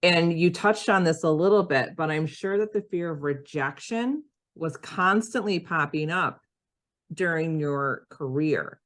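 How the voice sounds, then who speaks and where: A woman's voice: deep voice, lively intonation, unhurried. A woman hosting a podcast, affirming her guest's points and asking follow-up questions. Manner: affirming, encouraging interviewer. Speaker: podcast host. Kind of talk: interview questions.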